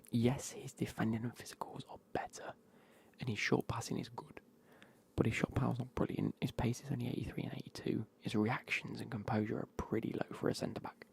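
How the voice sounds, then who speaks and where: Man streaming games, whispered ASMR, rambling and sweary, mid-pitched and gravelly. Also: little pitch movement, a little fast. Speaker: gaming streamer.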